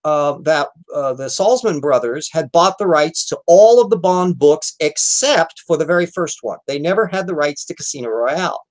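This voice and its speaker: A man's voice: a little high, lively intonation, normal speed, hardly any pauses, rough recording. A man hosting an aftershow, chatting casually and rambling about old films with many fillers and restarts. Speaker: host.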